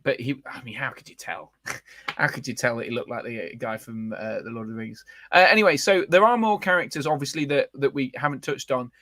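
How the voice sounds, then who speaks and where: A man's voice: mid-range voice, pushed and bright, dry recording. Rambling male livestream host. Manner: rambling, many fillers and restarts. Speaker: podcast host. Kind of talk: casual livestream chat.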